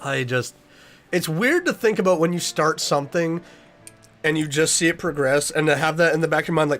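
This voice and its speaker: A man's voice: fairly high pitch, a little fast, a bit bright, soft background music. A young man streaming a casual chat with his viewers, earnest and rambling as he reads their messages aloud.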